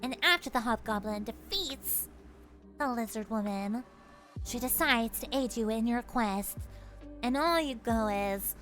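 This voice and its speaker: A woman's voice: fairly high pitch, lively intonation, a little slow, fairly bright tone, faint music behind. A woman streamer telling a playful, giggly second-person fantasy story to her chat in casual livestream style.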